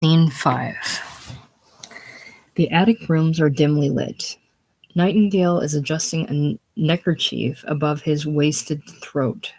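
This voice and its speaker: A reader calmly reading stage directions aloud in a casual play reading. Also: mid-range voice, slow, vocal fry.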